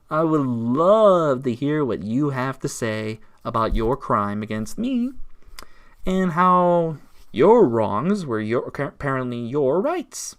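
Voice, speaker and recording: A man's voice: mid-range voice, big pitch swings, slow. A man ranting in a casual vlog, aggrieved and sarcastic, taunting his target. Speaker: YouTuber.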